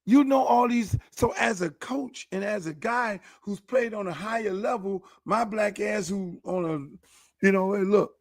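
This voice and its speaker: A high-voiced man, a show host and football coach, vents in a heated, profane, repetitive rant at a measured pace. The casual ranting monologue is studio quality, with no room sound.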